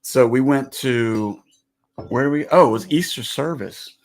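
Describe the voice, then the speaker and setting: A man's voice: medium pitch, unhurried. A man co-hosting a casual live stream, folksy and drawling, often restarting his sentences. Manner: folksy, drawling, stop-start phrasing. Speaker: co-host of a ranch live stream.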